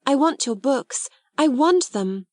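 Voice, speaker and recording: An eager young girl, earnest and proud, speaks up in a lifted, bright voice, as a woman narrator puts her on. Her words come fervent and principled in a storybook reading. The recording is close and dry. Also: high voice, expressive, slow, no room sound, voice pushed up. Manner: eager, bright girlish delivery.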